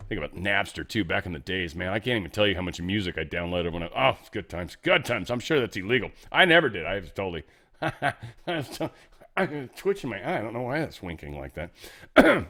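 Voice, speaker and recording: A man's voice: on the low side, big pitch swings, fairly quick, fairly bright tone. A man hosting a casual political commentary show, reading news items and breaking into rambling, sarcastic asides.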